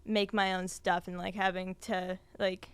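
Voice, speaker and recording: Young woman, podcast guest; smooth, dry voice; chatty, filler-heavy, laughs easily. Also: on the low side, little pitch movement, measured pace, no room sound. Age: young adult. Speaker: podcast guest, design student. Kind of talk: casual interview chat.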